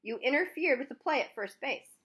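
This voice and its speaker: Stern scolding umpire, read by a woman, loud storybook voice, lively pitch. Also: fairly quick. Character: stern adult male baseball umpire.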